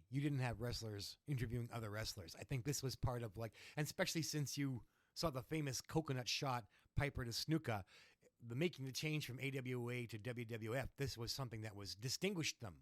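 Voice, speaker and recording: A man's voice: medium pitch, a little fast, no room sound, studio quality. A man co-hosting a podcast in casual chat, recapping old wrestling shows and acting out quotes in a raised voice. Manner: chatty, acts out quotes in raised voice. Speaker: podcast co-host.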